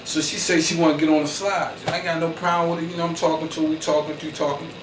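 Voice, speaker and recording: On the high side with little pitch movement, the Philadelphia comedian keeps a quick pace through his storytelling monologue. He's slangy, boastful and meandering, forever tossing in "you know what I'm saying," and he sounds far off and echoey with faint background noise.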